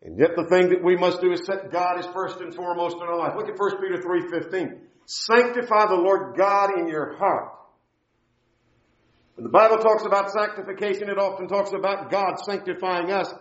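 A man's voice: sits high, moderate pace. Emphatic preacher man in an echoey hall. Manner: emphatic, repeats phrases, quotes scripture. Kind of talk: sermon. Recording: echoey, dull church recording.

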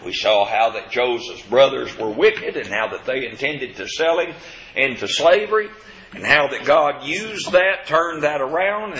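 A man's voice: mid-range voice, a bit bright. Preacher man teaching in a roomy hall. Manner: slow, deliberate teaching with scripture quotes. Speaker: preacher teaching a Bible study. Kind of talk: evening Bible study sermon. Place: church classroom with a board. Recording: roomy, dull lo-fi recording.

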